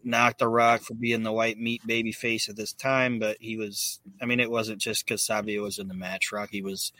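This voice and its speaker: Podcast host, male, bright tone on a dry mic, loose and profane, lots of ums. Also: fairly low pitch, flat delivery, normal speed, no room sound. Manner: profane, filler-heavy retelling. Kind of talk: casual recap chat.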